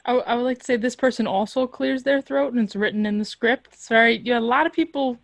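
A woman's voice: fairly high pitch, brisk, gravelly. A woman in casual chat, playful and laughing, coaching the others as they read.

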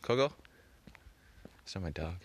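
A man's voice: sits low, steady tone, moderate pace, slight background noise. A young man vlogging casually to his phone, rambling, swearing often and filling gaps with "like". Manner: rambling, swears a lot, heavy use of "like".

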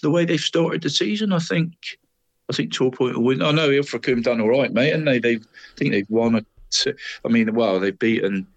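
A man co-hosting a casual local football chat, excitable and apologetic, adding "mate" to almost every line. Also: medium pitch, brisk, no echo. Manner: chatty, says "mate" constantly, apologetic and excitable. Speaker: co-host of a local football podcast.

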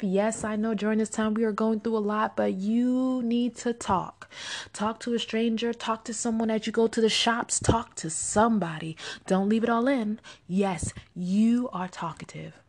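A woman hosting a podcast, leading listeners through guided affirmations in a slow, deliberate, encouraging way, often dropping to a soft whisper. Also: medium pitch, steady tone. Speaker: podcast host.

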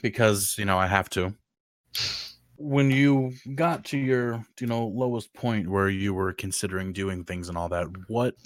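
A podcast host speaks in a low voice. His manner is easygoing and a little teasing. The recording is dry and close. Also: fairly even intonation, normal speed, hardly any pauses, dry recording. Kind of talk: casual podcast chat.

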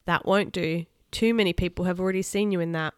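Give me a woman voicing a brisk, practical old grandmother from a storybook. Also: fairly low pitch, steady tone, smooth, no echo, clean studio sound, close to an everyday voice.

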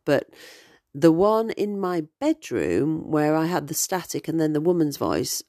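A woman in her forties tells stories on her podcast, slow and chatty, with plenty of ums and side turns. Her voice sits low. The recording is close and dry. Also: darkish tone, no room sound. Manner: chatty, digressive, many ums. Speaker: podcast host. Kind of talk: casual storytelling.

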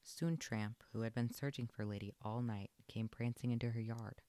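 A man narrating a children's storybook aloud in an expressive, lilting read. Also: mid-range voice, moderate pace, no room sound.

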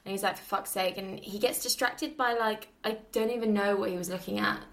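A woman chatting casually about a film, animated and swearing freely as she acts out scenes. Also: mid-range voice, a little fast. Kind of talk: casual film review chat.

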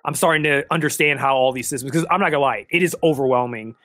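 A man's voice: mid-range voice, fast, fairly bright tone, no echo. A man co-hosting a casual gaming podcast, rambling and swearing as he explains. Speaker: podcast co-host. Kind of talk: casual chat.

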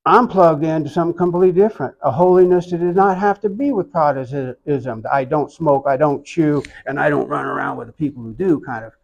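Gravelly older Oklahoman man. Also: a little high, muffled recording. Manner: reflective, unhurried storytelling with soft asides. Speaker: interviewee. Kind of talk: personal storytelling interview.

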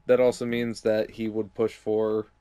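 A man co-hosting a podcast, reading out news in a laid-back, casual way with frequent "uh"s and pauses. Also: fairly low pitch, monotone, warm tone, clear, resonant tone. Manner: laid-back, hesitant, many fillers. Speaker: podcast co-host, news anchor.

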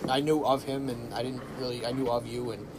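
A man's voice: medium pitch, steady tone, fairly quick, crowd noise. A man co-hosting a podcast, chatting casually with a rambling, swearing manner and many fillers. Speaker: podcast co-host. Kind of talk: casual chat.

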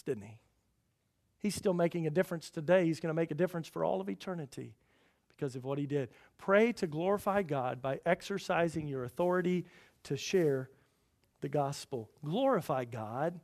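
A man's voice: a little high, expressive, moderate pace, darkish tone. A male pastor delivering a sermon, preaching emphatically and repeating key phrases for weight.

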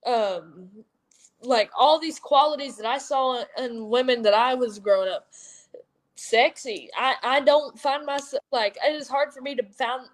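A twenty-one-year-old woman from Kentucky with an Appalachian accent, a wrestler talking loudly and rambling in an interview. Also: on the high side. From Kentucky, USA. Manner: loud, rambling, self-deprecating. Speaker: professional wrestler. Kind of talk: casual interview chat.

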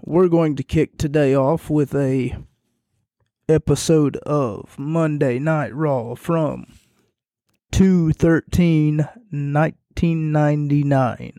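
Slow, hoarse monotone man. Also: on the high side, no room sound, studio quality. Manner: monotone delivery. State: losing his voice, hoarse. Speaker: podcast host. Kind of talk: casual solo podcast review.

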